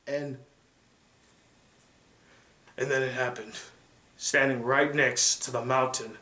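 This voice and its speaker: Male TV reviewer, high and bright voice, excitable retelling, echoey room. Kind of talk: casual reaction review.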